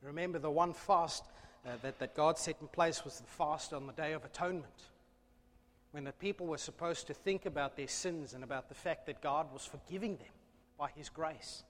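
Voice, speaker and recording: A man preaching an emphatic, animated sermon in a church, with self-deprecating asides. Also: on the high side, moderate pace, big-room sound. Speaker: pastor.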